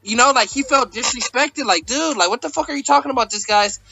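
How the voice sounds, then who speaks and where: Bright, high-voiced man, dry sound. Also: fast talker, gravelly, poor audio. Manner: loose, filler-heavy storytelling. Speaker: host. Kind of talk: casual profane chat.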